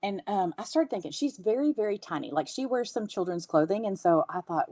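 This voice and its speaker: A woman's voice: medium pitch, big pitch swings, brisk, a little mellow, no room sound. A woman in her fifties with a Southern US accent, hosting a casual livestream and chatting with viewers, laughing often. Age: 50s. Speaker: host.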